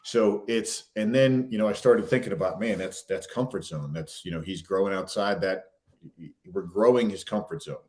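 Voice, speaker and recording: A man's voice: deep voice, normal speed, darkish tone. A man co-hosting a casual chat, retelling stories animatedly with many fillers. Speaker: podcast co-host.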